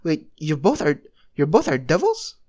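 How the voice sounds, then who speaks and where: A man's voice: on the high side, takes it slowly. A man voicing an astonished angel who exclaims and gushes, in a fan story read aloud. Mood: amazed. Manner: excitable, exclaiming. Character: astonished, gushing angel guard.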